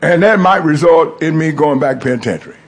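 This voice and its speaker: A man's voice: a little high, fairly quick, breathy edge. A middle-aged man preaching a testimony sermon, calling out to the congregation. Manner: call-and-response preaching, rising and falling emphasis.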